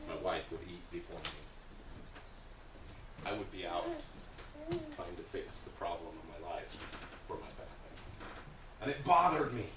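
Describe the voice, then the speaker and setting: Speaking as a guest about a volunteer food project, a man addresses a group with earnest, plainspoken storytelling and some hesitations. His voice runs low, pushed and bright, and the distant microphone gives a roomy sound with a little hiss or hum.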